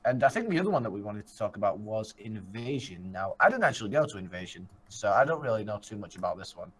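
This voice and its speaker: A man's voice: fairly low pitch, big pitch swings, fast, a bit bright, husky. A man co-hosting a podcast in casual chat, asking questions and reacting briefly. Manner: asks questions, short reactions. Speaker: podcast co-host.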